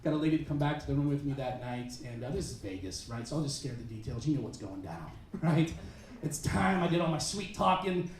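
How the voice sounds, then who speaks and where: A male stand-up comedian telling a story on a comedy club stage, with an animated, punchy delivery and quick asides. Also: a little high, a little hiss or hum. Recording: roomy club sound, mic at a distance.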